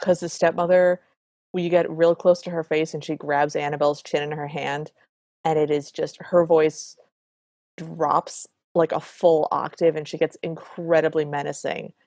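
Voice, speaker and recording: Lower-voiced woman podcast co-host. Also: flat delivery, moderate pace, darkish tone, dry recording, clean studio sound. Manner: chatty, narrates scenes in detail. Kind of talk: casual recap chat.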